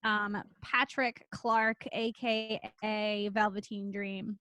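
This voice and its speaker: A woman co-hosting a wrestling podcast in casual chat, chatty and quick to laugh, with many fillers. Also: medium pitch, little pitch movement, sharp tone, no echo. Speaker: podcast co-host.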